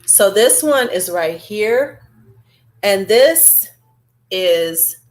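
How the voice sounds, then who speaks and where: A woman talks through her perfume and lipstick collection in a loose, chatty vlog. Her voice sits at a middle pitch, and she rambles with fillers and side comments. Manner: chatty and animated, drawn-out fillers. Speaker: beauty vlogger. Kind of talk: casual beauty review chat.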